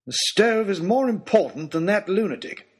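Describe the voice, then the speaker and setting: A gruff, imperious older lord, as a man puts him on for a storybook, snapping and scornful. The voice is gravelly and husky, with a rising, lively lilt that swings high. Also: unhurried, full character voice. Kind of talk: storybook character voice.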